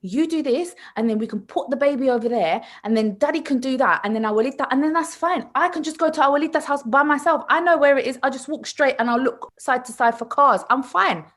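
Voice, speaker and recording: Woman putting on a little five year old girl, all high pleading and drama. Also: fast talker, few pauses, a bit bright. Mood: bossy, confident.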